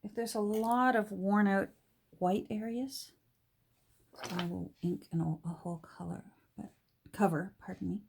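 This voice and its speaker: A woman talking casually through a crafting tutorial at her desk, soft-spoken and hesitant, with many fillers and restarts. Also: mid-range voice, vocal fry, breathy edge. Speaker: junk journal crafter. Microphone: camera on the desk.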